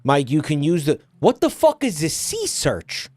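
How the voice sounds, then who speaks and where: A man's voice: on the high side, wildly swooping pitch, a little slow, a little mellow, dry recording. A man streaming and ranting at his chat, exasperated and swearing often. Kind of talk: casual stream rant.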